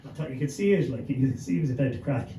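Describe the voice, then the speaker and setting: A man's voice: medium pitch, animated, racing. An Irish man, a gig promoter on a live panel, telling an anecdote and swearing freely, chuckling as he goes. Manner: swears freely, chuckles through his story. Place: pub venue with a live audience. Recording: echoey room, mic at a distance, background hum.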